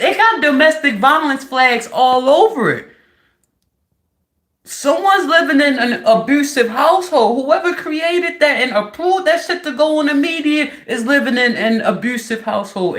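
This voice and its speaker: A woman livestreamer ranting loudly and profanely on a live stream. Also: sits high, normal speed. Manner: loud, profane, animated ranting.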